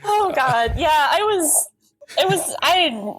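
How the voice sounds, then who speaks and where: A woman's voice: sits high, lively intonation, fairly bright tone, slight background noise, low-quality recording. A woman co-hosting a podcast, chatting playfully and joking about a TV episode. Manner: chatty, playful, quick to joke. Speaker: podcast co-host. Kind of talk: casual chat about a TV episode.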